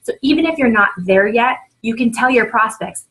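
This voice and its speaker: A woman in her thirties giving an upbeat coaching talk to new sellers, with frequent "right?" and "um", acting out sample sales pitches. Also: a little fast, a bit bright, low-quality recording. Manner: upbeat, repeats points with "right?" and "um". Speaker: team leader training new sellers.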